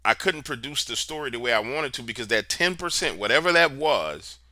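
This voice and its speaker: A man's voice: medium pitch, animated, fairly quick, pushed and bright, dry recording, studio quality. A man being interviewed, telling a story in a casual, slangy, emphatic way. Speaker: interview guest, paranormal researcher.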